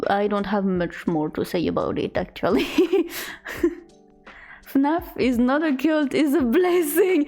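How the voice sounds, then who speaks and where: Slow, giggly young woman streamer. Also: high voice, a little mellow. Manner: chatty, halting, giggly. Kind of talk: casual chat reading out chat messages.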